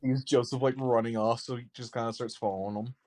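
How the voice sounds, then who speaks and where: A man's voice: medium pitch, fairly even intonation, fast, a little mellow. Hesitant man playing a tabletop game. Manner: hesitant, describes his character in third person. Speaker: player.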